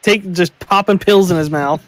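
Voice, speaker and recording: A high-pitched male voice, chatting as a teammate while playing a game. He laughs often and reaches for mild, clean exclamations instead of swearing. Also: normal speed, fairly bright tone, no echo. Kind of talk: casual gameplay chat.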